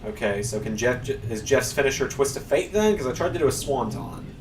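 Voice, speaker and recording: While he plays, a streamer keeps up relaxed, wandering commentary in a mid-range voice that's a little fast with lively intonation. The sound is roomy and off-mic, carrying a faint hum.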